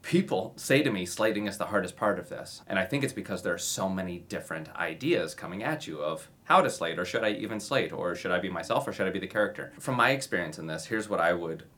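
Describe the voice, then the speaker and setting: A man giving acting advice in a relaxed, conversational way, sometimes acting out sample introductions. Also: low-pitched, fast, few pauses. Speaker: acting coach. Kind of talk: casual instructional talk to camera.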